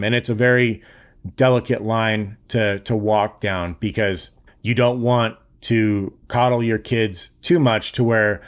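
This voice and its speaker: Blunt, low-voiced young man podcasting. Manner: blunt, swears freely, earnest. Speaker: podcast host. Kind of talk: casual monologue.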